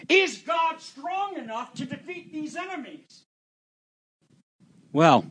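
A man preaching a sermon, retelling scripture with animated acted-out quotes and sarcastic asides. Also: high voice, no echo, clean studio sound. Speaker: pastor.

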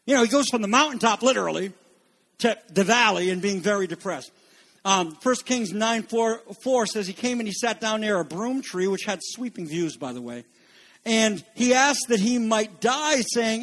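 Man, preacher, high voice, emphatic, dramatic sermon delivery. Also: animated, moderate pace. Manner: dramatic, emphatic preaching with swings between loud and hushed.

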